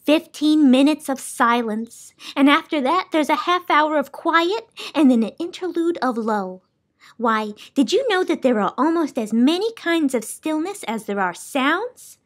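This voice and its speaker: A woman doing a soft-spoken, dreamy keeper of sound. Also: animated, a little slow. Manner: soft, lilting, high and dreamy. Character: gentle chatty lonely woman keeper of sound. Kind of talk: storybook read-aloud.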